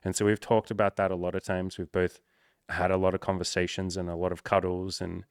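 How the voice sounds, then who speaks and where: Young guy with a really low voice, on the verge of tears, swearing a lot, super dry close mic. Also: little pitch movement, a little fast, clean tone, no echo. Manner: candid, swears freely. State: emotional, near tears. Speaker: podcast host. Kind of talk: personal monologue to camera.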